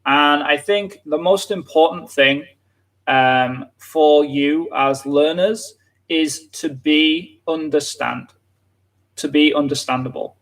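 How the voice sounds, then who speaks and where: A man's voice: on the high side, slow, fairly bright tone. A man from England, chatting casually on a live lesson and filling his talk with "like". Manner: casual, lots of filler "like". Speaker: English teacher.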